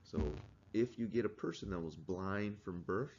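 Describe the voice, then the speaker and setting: A man with a fairly low voice gives a conversational classroom lecture and keeps asking the students questions. The recording sounds dull and lo-fi, with a faint hiss behind him. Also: moderate pace, darkish tone. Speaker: teacher.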